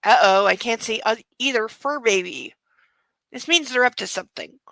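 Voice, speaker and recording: A woman hosting a book club livestream, chatting casually and reading aloud, giggling and exclaiming in loud reactions. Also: a little high, expressive, moderate pace, creaky, dry recording, rough recording.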